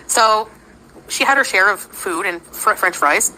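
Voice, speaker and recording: Bright-voiced woman rambling through a story. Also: medium pitch, animated, a little slow, a little hiss or hum, rough recording. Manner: meandering, filler-heavy, giggly. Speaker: livestreamer.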